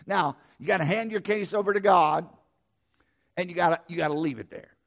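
Gravelly-voiced man preaching a sermon. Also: high-pitched, a little fast. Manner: emphatic, repeats words, preacher's cadence. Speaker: pastor.

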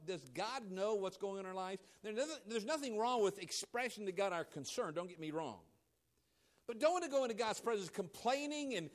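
In this sermon, a man in the pulpit moves back and forth between booming emphasis and soft, low-voiced asides, dramatizing the quoted voices.

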